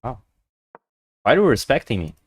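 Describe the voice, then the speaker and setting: An excitable man talks through his chess stream, his pitch leaping up and down as he tells stories. He swears and laughs freely in loose, chatty English. The sound is close and dry, with almost no room around it. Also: normal speed, breathy edge, dry recording. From Brazil. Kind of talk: casual live-stream chat.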